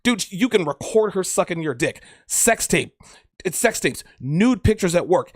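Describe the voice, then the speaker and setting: A man's voice: high-pitched, very animated, moderate pace, breathy edge, no room sound, clean studio sound. A man hosting a dating advice podcast, talking in a blunt, profane, emphatic way and often repeating himself. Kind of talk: crude casual monologue.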